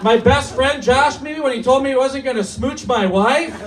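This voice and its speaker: A man in his thirties performing a stand-up comedy set in a small cafe, telling stories in a mock-serious, animated way, with laughter behind him. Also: very high voice, moderate pace. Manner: animated, mock-serious storytelling with put-on voices. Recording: distant mic with noisy room. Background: audience laughter.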